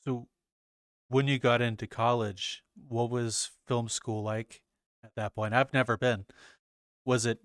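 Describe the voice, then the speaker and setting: A man hosting a podcast, asking relaxed, curious interview questions. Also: mid-range voice, a little slow, smooth, no echo, studio quality. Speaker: podcast host.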